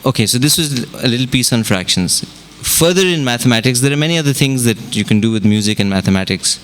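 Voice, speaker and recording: A man's voice: medium pitch, expressive, quick pace, fairly bright tone, a little hiss or hum. A man teaching music and counting beats aloud to an audience in a workshop, mixing in Hindi. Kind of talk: interactive workshop talk. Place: event room with audience.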